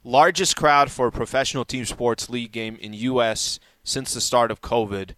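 A man hosting a sports talk show, arguing his points in animated casual talk. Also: medium pitch, moderate pace, no echo. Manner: animated, argues basketball points. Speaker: host.

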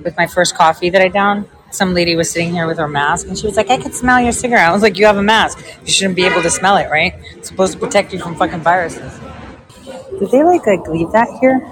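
A woman's voice: fairly low pitch, background noise. A middle-aged woman talking to her viewers outdoors at an airport smoking spot, rambling and swearing freely with lots of fillers. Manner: profane, rambling, chatty with frequent fillers. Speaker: livestreamer. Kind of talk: casual rambling chat to viewers.

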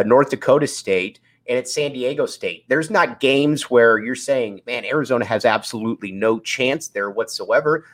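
A man with a raspy voice hosting a sports podcast, talking casually in an upbeat, rambling, off-the-cuff way. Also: medium pitch, a bit bright. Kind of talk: casual sports talk, live show sign-off.

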